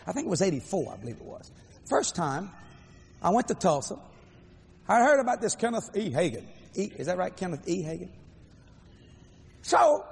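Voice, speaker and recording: An older man preaching a storytelling sermon in a large hall, animated and playful with dramatic swings. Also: high-pitched, vocal fry, slightly rough. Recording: echoey hall, faint crowd ambience.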